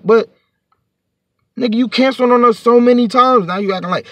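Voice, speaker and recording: A man's voice: very high-pitched, brisk, a bit bright, no echo. A man telling a storytime to his vlog audience in a heated, profane, rambling rant, sitting a bit back from the mic.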